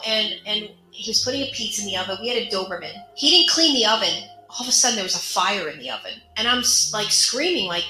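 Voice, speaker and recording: A woman's voice: mid-range voice, expressive, brisk, few pauses, sharp tone, faint music behind. A woman candidly telling the story of her own life in a personal, conversational monologue. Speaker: survivor sharing her story. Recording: roomy echo.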